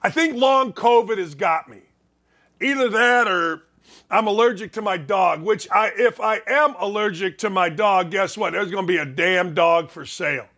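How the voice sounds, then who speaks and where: Brash sports host, bright edge, high voice, stuffy. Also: male voice, moderate pace. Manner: brash, folksy, emphatic with repetition. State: congested, sneezing. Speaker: sports talk show host. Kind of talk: opinionated sports talk monologue.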